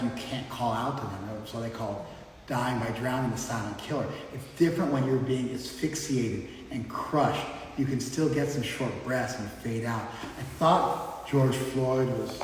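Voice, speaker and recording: A man giving an informal class lecture in a conversational, explanatory way, often checking in with his listeners. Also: medium pitch. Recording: echoey hall, mic far off, faint background noise.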